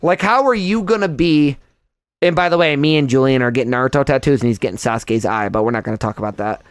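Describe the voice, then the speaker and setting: A young man hosting a podcast in casual chat, ranting in an animated, profane way. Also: medium pitch, fast, clear, resonant tone, no room sound, clean studio sound. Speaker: podcast host.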